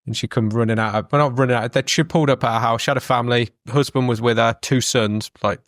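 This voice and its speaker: A man's voice: medium pitch, fairly even intonation, fast talker, fairly bright tone, dry recording, clean studio sound. A man, a surveyor, telling a story in casual podcast chat and acting out both sides of the dialogue.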